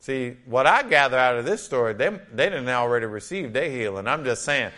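Bright-voiced, animated male preacher. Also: mid-range voice, a little fast. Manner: lively and conversational, acting out quotes. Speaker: pastor. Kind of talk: sermon.

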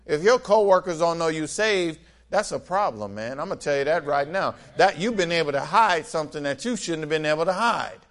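Man preaching with lively call-and-response. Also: a little high, fairly quick, hardly any pauses. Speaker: pastor. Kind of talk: sermon.

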